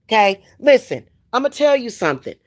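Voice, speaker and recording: An older woman delivers a fired-up, cursing monologue. Her voice sits a little high and she hammers her points with blunt emphasis. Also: fairly quick. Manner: profane, animated, emphatic. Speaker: spiritual practitioner streamer. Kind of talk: casual ranting monologue.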